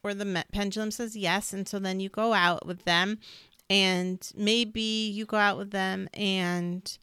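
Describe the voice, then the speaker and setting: A woman's voice: medium pitch, steady tone, measured pace, sharp tone, clean tone, no room sound. A woman co-hosting a podcast, talking in a chatty, loose way full of little asides. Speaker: podcast co-host. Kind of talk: casual spiritual chat.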